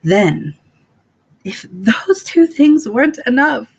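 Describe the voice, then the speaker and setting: Chatty, gravelly-voiced woman vlogger. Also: a little high, very animated, slow. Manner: bubbly and chatty, with filler ums and sudden playful voices. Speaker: sales consultant giving weekly training. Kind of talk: casual training vlog. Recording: dull lo-fi recording.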